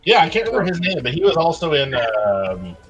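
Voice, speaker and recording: A man's voice: fairly high pitch, big pitch swings, fairly quick, loud music behind the voice, low-quality recording. A man who customizes toys, chatting casually on a live stream, laughing easily and often trailing off mid-thought. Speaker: toy customizer, co-host.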